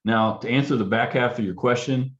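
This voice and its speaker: A man's voice: mid-range voice, a little fast, dull audio. A man, a counselor, talking casually about helping parents and adults, often acting out questions he would ask them. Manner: acts out client and parent dialogue in a softer, curious tone. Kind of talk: casual panel talk.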